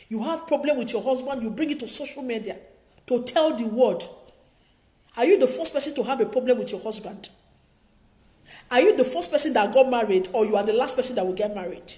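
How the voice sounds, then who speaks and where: A woman's voice: on the high side, a little mellow. Preachy woman, echoey room. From Africa. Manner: emphatic and preachy, repeats lines for effect. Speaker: advice vlogger. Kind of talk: lecturing advice monologue.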